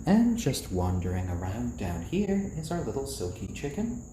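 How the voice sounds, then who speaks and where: Guy chatting on a live stream in a soft calming voice, swoops up and down a lot, kinda echoey indoor room. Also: fairly low pitch, a little hiss or hum. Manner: soft, slow, soothing voice used to calm the chickens. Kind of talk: casual live-stream chat, reading out viewer comments. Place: indoors, roomy. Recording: roomy echo.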